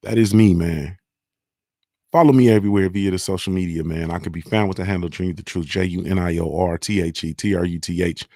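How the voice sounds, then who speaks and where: Man, very low voice, relaxed repetitive host banter, sponsor shout-outs, dry room. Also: no echo. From Ohio. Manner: laid-back, repeats "man" and "you feel me", drawn-out sponsor plugs. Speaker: morning show host. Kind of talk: casual solo talk show monologue.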